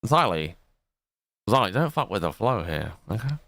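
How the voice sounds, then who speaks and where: This is a man holding court on his livestream, swinging wildly up and down in pitch. His voice is bright and pushing, recorded close and dry with no room around it. He talks in showy, profane tirades. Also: very animated, normal speed, no room sound. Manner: profane, theatrical insult tirades. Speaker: livestream host. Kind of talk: ranting stream commentary.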